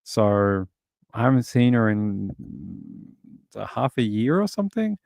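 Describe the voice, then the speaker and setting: A man's voice: on the low side, sing-song, a little slow, creaky, darkish tone, dry recording, clean studio sound. An Australian man hosting a livestream, chatting casually and rambling through stories while answering viewers. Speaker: livestream host.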